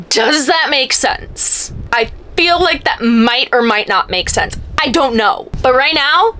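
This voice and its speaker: A young woman chatting casually in a reading vlog, excitable and rambling, swinging between hushed whispers and high squeals. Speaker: book vlogger.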